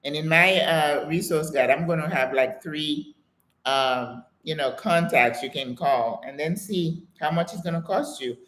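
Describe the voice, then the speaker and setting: An older American woman hosting a live question-and-answer stream, reading viewer comments aloud and telling stories in a chatty, animated way. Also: low voice, unhurried. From United States. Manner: chatty, animated storytelling with exclamations and laughter. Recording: echoey room sound.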